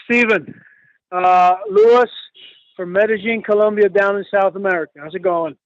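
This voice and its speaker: A man in his fifties calling in, friendly and chatty, giving shout-outs. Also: high voice, normal speed, dry recording, dull audio. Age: 50s. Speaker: caller. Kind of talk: call-in chat.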